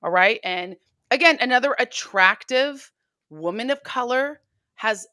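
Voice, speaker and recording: A woman guest on a political chat show, talking in a blunt, emphatic way and quick to mock. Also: on the high side, lively intonation, sharp tone, dry recording, studio quality. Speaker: guest commentator.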